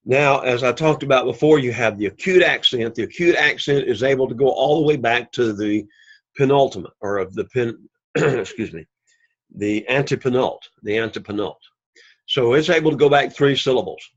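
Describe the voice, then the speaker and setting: A man teaching a Greek class, explaining slowly and patiently and repeating key words for emphasis. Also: medium pitch, lo-fi sound. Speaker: Greek instructor. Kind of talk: recorded class lecture.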